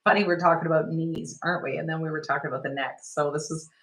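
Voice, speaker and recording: A woman's voice: low-pitched, fairly even intonation, fast talker, rough recording. Chatty woman teaching a live workshop. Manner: gentle, chatty, loose with many restarts and fillers. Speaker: energy healing teacher. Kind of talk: live online workshop, guided self-care demo.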